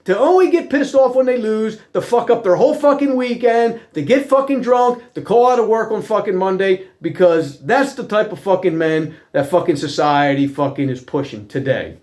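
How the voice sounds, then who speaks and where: A man's voice: high-pitched, animated, normal speed, few pauses, darkish tone. A middle-aged man telling personal stories in a heated, profane rant, swearing constantly in blunt working-class talk.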